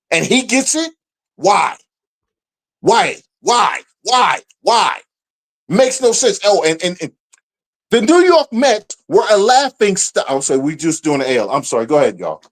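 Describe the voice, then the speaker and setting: A man co-hosting a podcast, ranting in exasperation about sports, swearing and then apologizing. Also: high-pitched. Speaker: podcast co-host. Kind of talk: heated sports debate.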